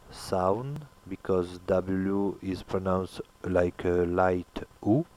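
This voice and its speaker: A man with a lowish voice teaches pronunciation at a very unhurried pace. He hesitates constantly, filling gaps with "uh" and repeating each word to model its sound. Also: steady tone, darkish tone. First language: French. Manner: hesitant, many filler pauses, repeats words slowly to model sounds. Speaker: language teacher. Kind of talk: pronunciation lesson.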